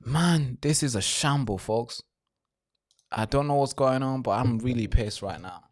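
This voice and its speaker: A man's voice: medium pitch, measured pace. A man hosting a live stream with commentary, talking straight to his viewers, swearing freely and often repeating himself or restarting phrases.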